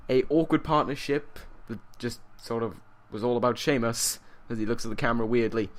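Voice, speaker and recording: A man commentating a wrestling video game, excitable, shouting and laughing at big moments, with rambling self-correcting asides. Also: mid-range voice, fairly quick.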